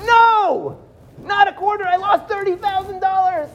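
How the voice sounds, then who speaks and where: A man voicing a panicked, robbed businessman who pleads loudly for help. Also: very high voice, measured pace, slight background noise, pitched above the performer's own voice, heavily acted. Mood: frantic. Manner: loud, pleading. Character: frantic robbed middle-aged man.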